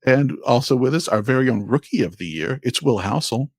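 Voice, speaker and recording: A man's voice: medium pitch, lively intonation, fairly quick, breathy edge, dry recording. A man hosting a podcast, reading intros and promos in an upbeat, emphatic, announcer-style way on a close mic. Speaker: podcast host. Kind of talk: casual podcast chat and promo reads.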